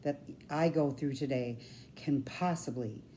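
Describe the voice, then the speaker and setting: A woman's voice: very deep voice, a little slow, dark tone, a little hiss or hum. A woman giving a personal faith testimony in an earnest, reflective, conversational way. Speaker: church member giving a testimony.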